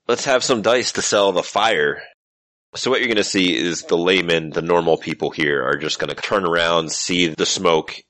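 Very deep-voiced man running a game. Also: no room sound. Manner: relaxed, explanatory narration. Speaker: game master. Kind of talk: narrating a tabletop game.

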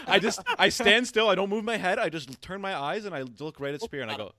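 A man's voice: high-pitched, sing-song, quick pace, hardly any pauses, bright, forceful tone, no echo. A young man, a podcast host, telling a story in casual chat and laughing along the way.

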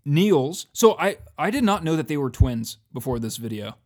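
A man's voice: fairly high pitch, sing-song, normal speed, darkish tone. Self-mocking man on a chat show. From United States. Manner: self-mocking, profane, joking. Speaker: podcast co-host. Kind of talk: casual chat.

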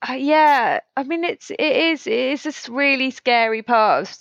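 A woman's voice: sits high, lively intonation, unhurried, creaky, fairly bright tone, no echo, dull audio. A middle-aged woman co-hosting a casual chat, rambling and laughing often. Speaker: podcast co-host.

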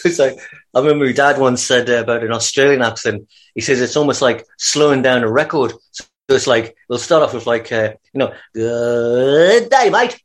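A man's voice: mid-range voice, brisk. A man with a Geordie accent, chatting casually and joking on a podcast. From North East England. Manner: jokey, lively, laughs often. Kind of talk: casual chat.

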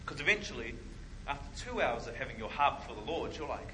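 Male preacher, bright forceful voice, animated storyteller who acts out quotes. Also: mid-range voice, fast, slight background noise, poor audio. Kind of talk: sermon.

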